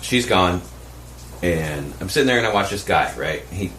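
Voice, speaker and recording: Male podcast co-host, expressive storyteller, roomy sound with light noise. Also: deep voice, normal speed. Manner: animated, profane storytelling with quoted voices. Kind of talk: casual storytelling chat.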